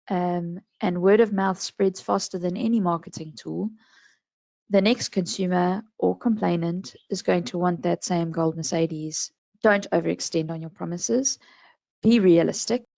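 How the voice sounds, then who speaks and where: A woman with a South African accent giving calm, measured advice on handling complaints in a business webinar. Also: lowish voice, gravelly, no room sound. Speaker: national complaints administrator.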